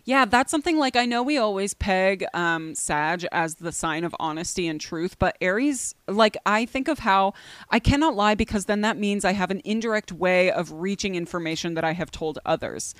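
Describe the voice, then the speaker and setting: A woman co-hosting a casual astrology podcast, chatty and quick to laugh, with lots of fillers. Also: medium pitch, animated, dry recording. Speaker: podcast co-host.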